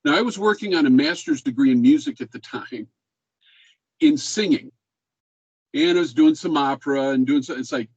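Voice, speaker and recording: A man's voice: fairly high pitch, animated, normal speed, gravelly, pauses often, darkish tone, breathy edge, no room sound, lo-fi sound. An older man teaching an online class, talking in a laid-back way and checking in with questions. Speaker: music professor.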